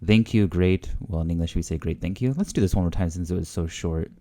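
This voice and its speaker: Low-voiced man musing hesitantly. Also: brisk, warm tone. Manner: hesitant, full of fillers and guesses. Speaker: language learner hosting a video series. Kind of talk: casual thinking-aloud commentary.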